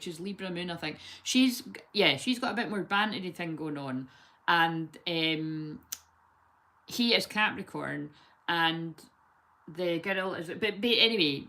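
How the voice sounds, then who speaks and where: A woman giving a casual, rambling tarot reading full of lively chatty asides. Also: lowish voice. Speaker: tarot reader.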